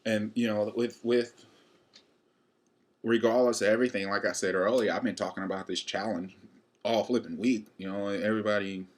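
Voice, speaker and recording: A man's voice: fairly low pitch, fairly even intonation, moderate pace. A young man in his twenties, chatting casually and rambling to camera in a fitness vlog. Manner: rambling and chatty, with many fillers. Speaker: college student vlogging a fitness challenge.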